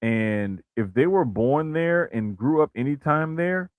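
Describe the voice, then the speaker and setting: A man co-hosting a wrestling podcast in relaxed casual talk, full of "like" and "bruh" and frequent restarts. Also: fairly high pitch, a little slow, dry recording. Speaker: podcast co-host.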